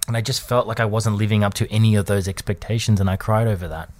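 A man, talking candidly in a personal monologue, hesitant, often restarting and repeating words, with soft laughs. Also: fairly low pitch, fairly even intonation, fast. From Australia. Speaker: vlogger.

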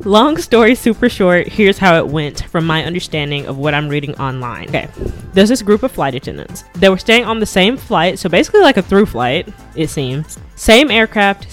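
A woman hosting a casual solo podcast, talking very fast and breaking into awkward little giggles. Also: fairly low pitch. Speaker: podcast host, flight attendant. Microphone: podcast mic at a laptop setup.

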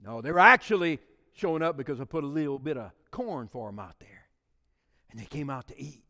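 A man preaching a sermon, swinging between shouted emphasis and hushed, quiet asides. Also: mid-range voice, animated, fairly quick, big-room sound. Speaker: pastor.

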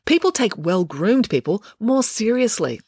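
A prim know-it-all teenage girl who talks down in a matter-of-fact way, as a woman reading a storybook puts her on. The voice moves lively in pitch. The sound is dry and close. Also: measured pace, slightly rough, no echo, exaggerated voice.

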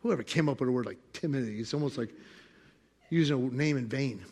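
A middle-aged man preaching a sermon full of personal stories, dropping to quiet asides and rising to loud, driven preaching as he acts out the voices in them. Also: mid-range voice, quick pace, breathy edge. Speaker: pastor.

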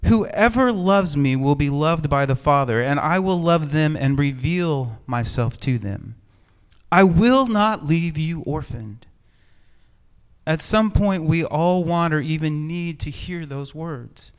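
A middle-aged man, a pastor, preaching a sermon in an empty church sanctuary, with measured, reflective storytelling and gentle humor. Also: fairly high pitch, clear, resonant tone.

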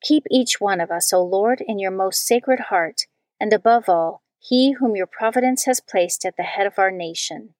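A woman giving a measured, solemn reading of scripture and prayers. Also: mid-range voice, a little mellow, no echo. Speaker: scripture reader.

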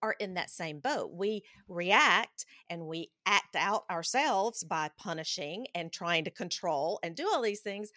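Woman, podcast host, affirming, low voice, dry sound. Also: animated, measured pace, few pauses, bright, forceful tone, no echo. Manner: affirming, frequent agreement. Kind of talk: conversational podcast talk.

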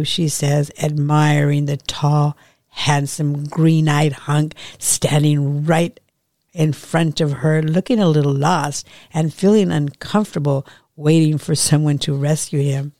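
Low, slow-reading woman author. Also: fairly even intonation, mellow, no echo, clean studio sound. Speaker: podcast host and author. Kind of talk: reading her own short story aloud.

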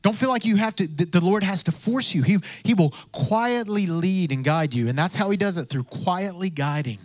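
A man's voice: high voice, normal speed, no echo. A man preaching a sermon in a conversational way, repeating phrases and acting out the voices he quotes. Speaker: pastor.

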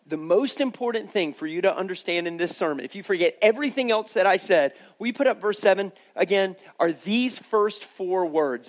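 A man's voice: high voice, lively intonation, moderate pace. A male pastor giving a sermon, telling a story in a conversational way and speaking straight to his congregation.

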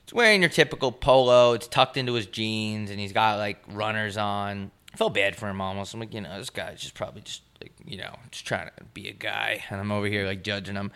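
A man's voice: lowish voice, fairly quick, clean tone. A young man co-hosting a podcast, telling a story in a casual, profane way and acting out the people he met. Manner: animated storytelling, swearing, acts out voices of people he met. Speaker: podcast co-host. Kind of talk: casual chat.

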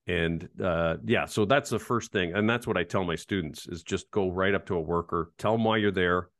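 Low-voiced man telling stories, dry sound. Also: normal speed, no room sound. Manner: animated anecdotal, self-deprecating. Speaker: ergonomics professor, interview guest. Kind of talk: casual interview storytelling.

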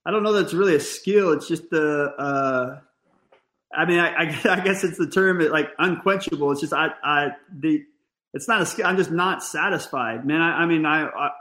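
A middle-aged man, a guest on a podcast, talking haltingly in casual chat and searching for his words. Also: on the high side, a bit bright, roomy sound. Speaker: fire service guest.

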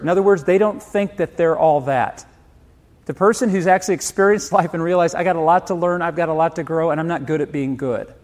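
With a slightly high, darkish voice, this middle-aged pastor delivers his sermon in a chatty way. He asks the room questions and performs the lines of family members in his stories.

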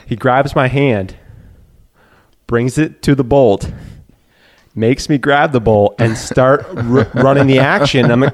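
A man telling a hunting story in a casual chat, animated and reliving the moment. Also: medium pitch, unhurried.

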